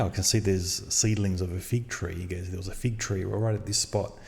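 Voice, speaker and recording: A man hosting a podcast, telling a story in a casual, animated way and acting out the dialogue. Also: low-pitched, a little fast, creaky. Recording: long reverb.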